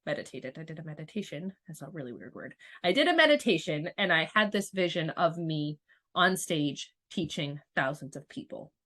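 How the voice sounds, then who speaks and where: A woman's voice: low-pitched, animated, moderate pace, fairly bright tone. Candid, swearing woman telling her story. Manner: candid, profane, rambling with frequent restarts. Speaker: podcast host and spiritual coach. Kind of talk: casual storytelling monologue.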